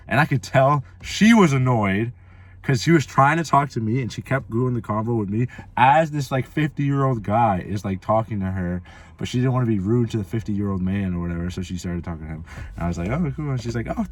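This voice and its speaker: A man vlogging casually, telling a rambling story full of swearing and filler words. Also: medium pitch. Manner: rambling, profane, lots of "like" fillers.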